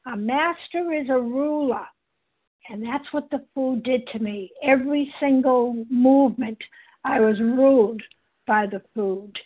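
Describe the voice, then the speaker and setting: A woman giving a reflective personal share on a recovery meeting call, pausing to search for words. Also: high voice, slightly rough. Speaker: meeting member sharing. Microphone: phone call. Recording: tinny phone line.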